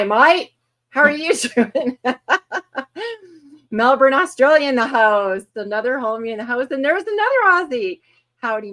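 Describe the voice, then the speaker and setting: A woman in her fifties hosting a casual livestream, chatty and quick to laugh as she greets viewers one by one. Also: on the high side, a bit bright. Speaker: host.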